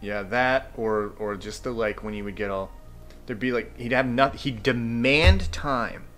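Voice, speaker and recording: A man's voice: medium pitch, a little slow, fairly bright tone, faint music behind. A man hosting a casual podcast, reading viewer questions with many hesitant fillers. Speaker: podcast host. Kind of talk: casual chat.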